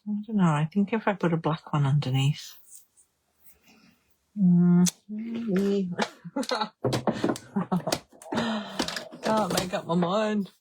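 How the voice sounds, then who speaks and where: A woman's voice: mid-range voice, extremely slow, long pauses, noisy background. A woman demonstrating card making on a live stream, chatting and thinking aloud as she decides. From Australia. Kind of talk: live crafting stream chat.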